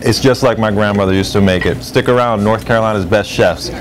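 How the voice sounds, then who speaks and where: A man's voice: fairly low pitch, steady tone, a little fast, background noise. A man hosting a food show on location, tasting dishes and exclaiming over them with enthusiasm.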